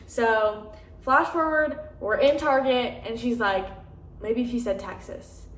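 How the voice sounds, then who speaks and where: A young woman chats candidly to camera in her apartment, her voice fairly high and easygoing, peppered with "like" and fillers as she acts out conversations. She sits a little back from the microphone, so the room echo is clear, with a faint hum of ambience behind her. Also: expressive, normal speed, a bit bright. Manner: chatty, many fillers and "like", acts out quoted dialogue. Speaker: vlogger. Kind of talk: candid casual chat. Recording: roomy echo, slightly distant mic.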